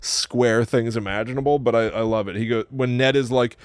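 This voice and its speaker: A man's voice: mid-range voice, a little fast, clean tone, no echo. Man chatting animatedly, close and dry. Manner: animated, chuckling, enthusiastic. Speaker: podcast co-host. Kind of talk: casual chat about films.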